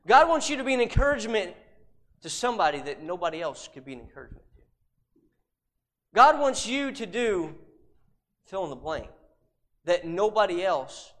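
A man preaching a sermon, emphatic, repeating rhetorical questions and dropping suddenly to a hush. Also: sits high.

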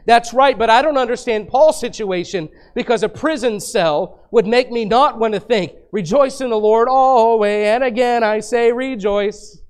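A middle-aged male pastor preaching a sermon, asking and answering rhetorical questions with rising emphasis. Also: high-pitched.

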